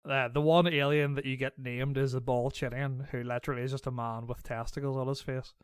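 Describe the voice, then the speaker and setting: A man co-hosting a casual podcast chat, laughing often and retelling scenes with animated energy. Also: medium pitch, brisk, clean tone, dry recording. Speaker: podcast co-host.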